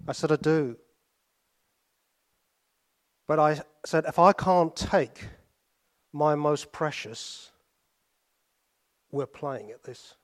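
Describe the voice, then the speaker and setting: British male preacher, fairly high voice, storytelling sermon with soft asides. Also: expressive. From Britain. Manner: storytelling, with pauses and sudden drops to soft asides.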